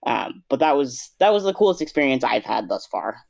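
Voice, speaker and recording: A man's voice: mid-range voice, fairly quick, creaky, no echo, highs cut off. A man, a makeup artist and vet tech, telling a story at an easy pace in a casual interview, with many "um"s. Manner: relaxed storytelling with "um"s.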